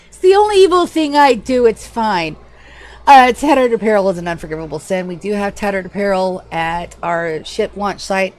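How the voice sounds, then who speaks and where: A woman streaming a game live from home, chatting casually in a loose, profane, animated way at a desk microphone. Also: medium pitch, a little slow, pauses often. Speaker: livestreamer. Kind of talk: casual gaming livestream chat.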